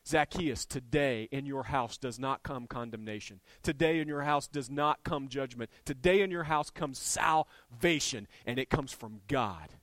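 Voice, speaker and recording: A male pastor delivering a sermon, moving from easygoing storytelling to impassioned, near-shouted appeals to the congregation. His voice sits in an ordinary middle register. The sound is dry and close, with little room echo. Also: medium pitch, unhurried, few pauses. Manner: animated, rising to impassioned shouting.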